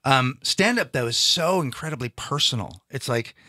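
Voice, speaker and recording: A man speaking at a middle pitch in loose, rambling conversation, stopping and restarting his thoughts as he goes. The sound is dry and close, with no room echo. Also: lively intonation, normal speed, sharp tone. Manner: rambling, self-interrupting, frequent restarts. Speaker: stand-up comedian guest. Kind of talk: casual chat.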